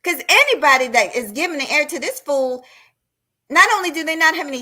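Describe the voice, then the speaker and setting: A woman with a bright, slightly high voice rants hotly at her live-stream viewers, blunt and profane. She's confrontational and animated, speaking at a brisk clip.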